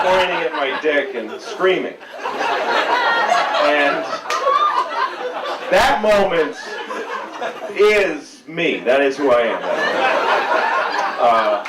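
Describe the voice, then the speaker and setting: A man's voice: a little high, expressive, unhurried, reverberant, recorded from a distance, a loud crowd, heavy background noise. Man telling a rambling story from afar. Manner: rambling, self-deprecating anecdote.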